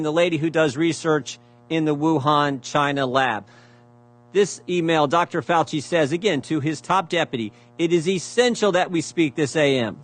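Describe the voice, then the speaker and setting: Emphatic man reading out emails. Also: fairly high pitch. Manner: emphatic, repeats phrases for effect; pointed rhetorical questions. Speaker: speaker presenting evidence at a hearing. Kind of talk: prepared speech reading out emails.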